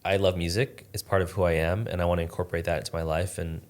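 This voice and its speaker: A man with a low voice and little pitch movement talks fast as a podcast guest. He earnestly tells a personal story, reflective and casual, saying "like" a lot.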